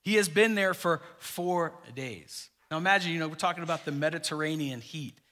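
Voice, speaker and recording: A man preaching to his congregation in a high, bright voice. He drives points home through repetition and falls hushed when he reads scripture. The delivery is sermon-paced and earnest. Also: brisk. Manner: preaching with emphatic repetition, dropping quiet for scripture. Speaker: pastor.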